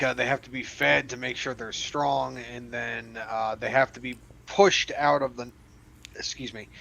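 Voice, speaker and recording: A man's voice: medium pitch, creaky, fairly bright tone. A man on a podcast panel in casual chat, explaining his point through plain analogies.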